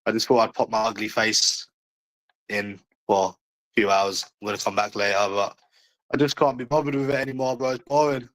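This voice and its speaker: A man's voice: lowish voice, steady tone, brisk, fairly bright tone, rough recording. A man with a London accent chatting casually to viewers on a livestream, blunt and mocking, swearing often.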